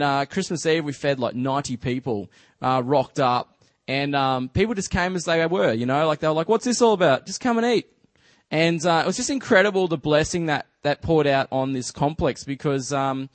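Chatty Australian man with a higher voice. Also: no room sound. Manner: relaxed and chatty, full of "just" and "you know". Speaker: church speaker. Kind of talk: casual storytelling sermon.

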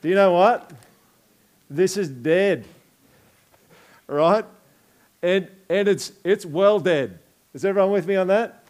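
An Australian man preaching in a loose, chatty way, mixing jokes with rhetorical questions to the congregation. His voice sits a little on the high side for a man. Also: slow pace, pauses often, darkish tone. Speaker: pastor. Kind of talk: conversational sermon with object lesson.

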